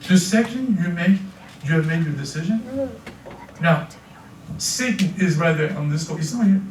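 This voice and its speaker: A man's voice: a little high, normal speed, a little hiss or hum. French-accented older male pastor preaching. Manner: repeats words, stammering restarts, animated. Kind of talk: sermon. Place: church hall. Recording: echoey church from far off.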